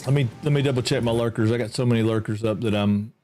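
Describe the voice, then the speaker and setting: A man's voice: mid-range voice, fast talker, dark tone, faint music behind. Folksy man streaming a game. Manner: folksy, chatty, talks to himself and chat. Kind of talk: live gameplay commentary.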